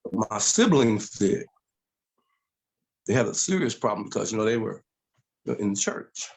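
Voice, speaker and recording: A middle-aged man telling his story as an interview guest, animated and acting out voices in quotes. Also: lowish voice, unhurried, creaky.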